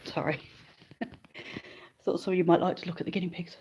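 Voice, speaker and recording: On a phone live stream from the living room of a rented house, a vlogger chats casually with viewers, gets easily sidetracked, and calls to her dogs. Her mellow voice sits on the low side with fairly even intonation and a slightly fast pace. She starts on a handheld phone and then moves it to a stand, with slight background noise.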